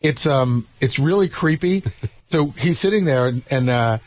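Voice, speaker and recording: A man on a casual talk show telling a story with fillers and quick acted-out quotes. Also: medium pitch, expressive.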